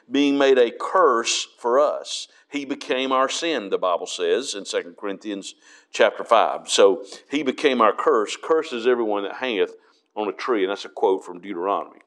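A man's voice: on the low side, normal speed, a bit bright. A man preaching a Bible study, reading verses aloud and explaining them with frequent restarts.

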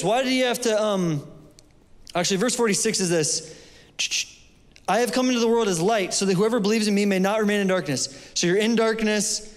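A man preaching a sermon, passionate and conversational, with asides and jokes to the congregation. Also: sits high. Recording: long hall reverb.

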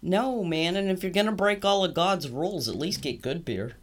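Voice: mid-range voice, normal speed. A podcast co-host chatting casually, joking around and tossing in "y'all" and "baby". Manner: relaxed, jokey, uses "y'all" and "baby".

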